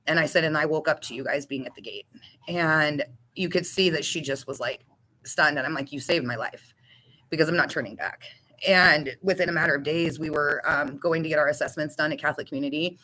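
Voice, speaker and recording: Woman telling her recovery story, blunt and emotional, swears a lot, bright tense voice. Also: deep voice, brisk, low-quality recording. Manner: emotional, candid, with restarts and swearing. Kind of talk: personal testimony.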